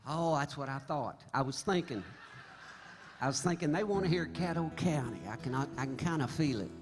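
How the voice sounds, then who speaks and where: A man's voice: fairly high pitch, lively intonation, normal speed. A man, a singer-songwriter telling a folksy, self-deprecating story between songs at a live show. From Oklahoma. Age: 70s. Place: concert hall. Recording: live hall reverb, faint music.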